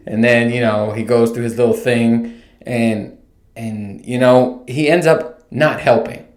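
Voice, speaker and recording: A man's voice: mid-range voice, steady tone, measured pace. A man hosting a podcast, telling a profane, exasperated comic rant in a casual way. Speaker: podcast host. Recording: roomy echo.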